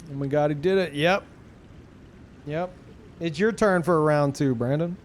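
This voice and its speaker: A man's voice: fairly high pitch, normal speed, a little hiss or hum. A young man streaming a game, chatting casually with viewers in a laid-back, profane, rambling way. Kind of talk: casual chat with stream viewers while gaming.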